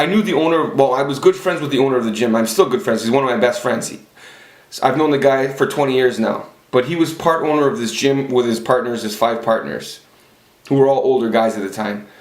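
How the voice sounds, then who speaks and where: Brief: mid-pitched man, blunt and foul-mouthed, rambling casual storytelling, roomy echo. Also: moderate pace. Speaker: vlogger. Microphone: camera. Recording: echoey room.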